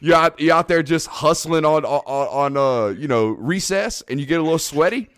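A man co-hosting a podcast in casual chat, rambling and excitable, often laughing. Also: fairly high pitch, normal speed, hardly any pauses. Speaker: podcast co-host.

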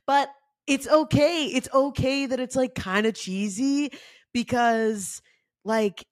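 A woman's voice: fairly high pitch, expressive, a little slow, dry recording, studio quality. A woman hosting her own podcast, talking casually and candidly, with lots of "like" and the odd swear word. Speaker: podcast host. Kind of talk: casual solo podcast talk.

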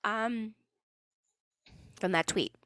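A woman's voice: medium pitch, very slow, a bit bright, smooth, dry recording, clean studio sound. A woman hosting a solo podcast, ranting in a sarcastic, exasperated way and swearing freely. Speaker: podcast host.

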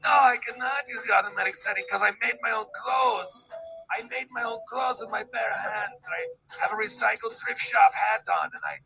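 A man voicing a pretentious, self-absorbed artsy male photographer with breathy, drawn-out moans and bursts of shouting. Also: extremely high pitch, steady tone, music in the background, voice pushed up, rough recording. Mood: theatrical.

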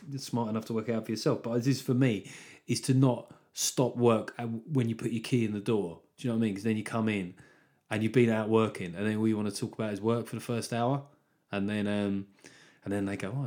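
A comedian rambles through a solo monologue on his own podcast, swearing freely and poking fun at himself. His voice is medium in pitch with a somewhat dark tone.

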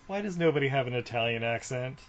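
A man's voice: mid-range voice, lively intonation, quick pace, lo-fi sound. A man co-hosting a casual movie podcast, joking and laughing often. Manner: joking, laughs often, riffs with silly lines. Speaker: podcast co-host.

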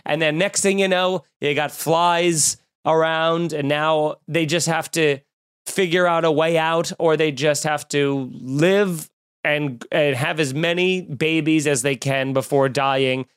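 Exasperated podcast host ranting, dry sound. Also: male voice, on the high side, takes it slowly, clean tone, no room sound. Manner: animated, exasperated ranting with frequent cursing. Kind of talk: casual comedic podcast rant. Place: room at home with windows open.

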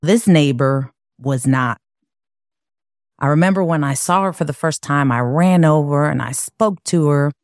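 Woman from chicago telling her story, low voice, slow and earnest, dry sound. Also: dry recording. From Chicago, USA. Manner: earnest, measured, reflective. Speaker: podcast guest telling her life story. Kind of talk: personal storytelling.

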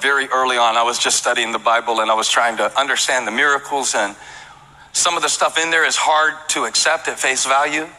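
A man's voice: mid-range voice, pushed and bright, big-room sound, rough recording. A male pastor preaching a sermon in a conversational way, with humorous asides and emphatic repetition.

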